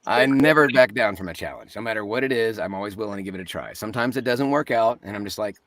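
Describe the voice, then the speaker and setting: An animated male voice actor tells stories as an interview guest, his pitch swinging widely from line to line. He keeps slipping into character voices mid-story. The sound is dry and close to the mic. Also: racing, few pauses, no echo.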